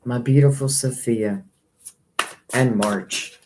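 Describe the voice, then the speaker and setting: Over very noisy audio, a man speaks slowly in a medium-pitched voice. Reading tarot psychically on a live stream, he thinks out loud in a rambling way, sincere yet somewhat wounded by critics.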